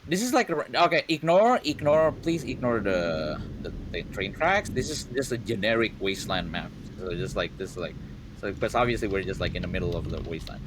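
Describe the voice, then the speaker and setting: A man's voice: lowish voice, big pitch swings, brisk, background noise. A man running a tabletop game online as game master, rambling with plenty of fillers.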